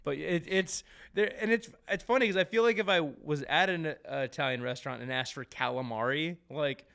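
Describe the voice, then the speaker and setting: A man's voice: on the high side, fairly quick, gravelly, clean tone. Joking New man hosting a podcast. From New Jersey. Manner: animated, stumbling restarts, joking. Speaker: podcast host. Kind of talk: casual chat.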